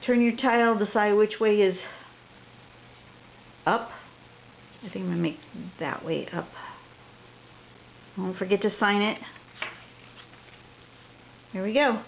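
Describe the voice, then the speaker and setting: A woman's voice: medium pitch, slow, vocal fry, pauses often. A woman teaching a drawing tutorial, talking casually and thinking aloud as she works, rambling with frequent restarts. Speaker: drawing instructor. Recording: tinny phone-like audio with faint noise.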